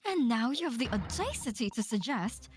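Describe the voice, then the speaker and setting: A woman's voice: a little high, sing-song, normal speed, noisy background. A woman voicing an indignant, haughty noblewoman who demands proof, reading game dialogue over game music. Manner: imperious, affronted reading.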